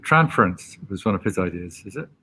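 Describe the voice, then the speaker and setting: A man's voice: low-pitched, expressive, a little fast, pushed and bright, breathy edge. A man hosting a casual chat, asking short curious questions. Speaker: host.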